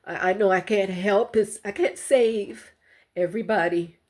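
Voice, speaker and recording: An older woman vlogger giving a halting, heartfelt personal account to her viewers. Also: mid-range voice, a little mellow. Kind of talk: emotional personal testimony to camera.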